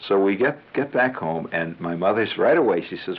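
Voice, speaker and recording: Brief: male radio storyteller, low voice, very animated delivery, tinny old broadcast sound. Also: normal speed, breathy edge. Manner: rambling, conversational, chuckling asides. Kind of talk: comic monologue.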